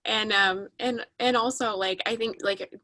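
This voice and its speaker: Woman, earnest guest, rambling, bright tense tone, dry sound. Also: medium pitch, steady tone, a little slow, dry recording. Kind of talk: casual chat on a video call.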